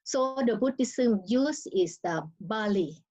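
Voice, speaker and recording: A woman giving an online language talk, speaking haltingly with frequent fillers and restarts over a video call. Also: a little high, expressive, darkish tone, slightly rough, low-quality recording. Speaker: language presenter.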